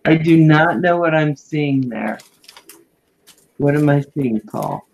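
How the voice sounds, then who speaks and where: A woman's voice: low voice, slow, darkish tone, rough recording. A woman co-hosting a video call-in chat show, talking casually and laughing often.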